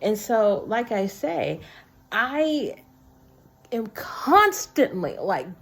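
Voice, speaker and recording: A woman's voice: on the high side, sing-song, extremely slow, creaky. A woman vlogging straight to camera in a casual, earnest and heartfelt way, recorded on a built-in camera or phone mic. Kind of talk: casual personal talk to camera.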